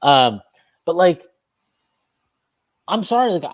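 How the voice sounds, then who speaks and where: A man's voice: sits high, sing-song, takes it slowly. A man hosting a postgame sports talk show, ranting emphatically and profanely, often restarting and repeating his phrases. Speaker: sports podcast host.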